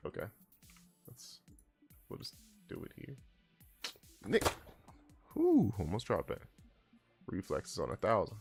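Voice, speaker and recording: A man streaming a casual language lesson, who swears in loud outbursts and reads chat aloud. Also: low voice, wildly swooping pitch, slow pace, gravelly, pauses often, faint music behind. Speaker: streamer teaching Japanese.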